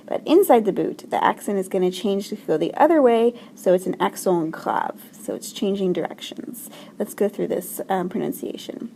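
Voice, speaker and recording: A woman teaching a French grammar lesson, explaining slowly and clearly with frequent fillers. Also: mid-range voice, animated, warm tone, a little hiss or hum. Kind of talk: recorded classroom lesson.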